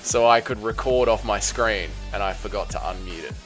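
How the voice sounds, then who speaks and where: A man's voice: lowish voice, normal speed, fairly bright tone, soft background music. An Australian man hosting a casual livestream, chatting and greeting viewers one after another with plenty of slang. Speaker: livestream host.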